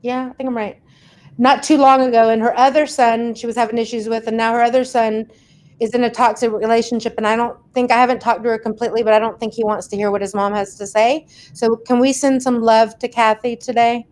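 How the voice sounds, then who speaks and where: A woman's voice: on the high side, little pitch movement, brisk, a little mellow. A woman hosting a casual livestream, chatting and laughing as she reads out viewers' comments and thanks them by name. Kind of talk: casual live chat.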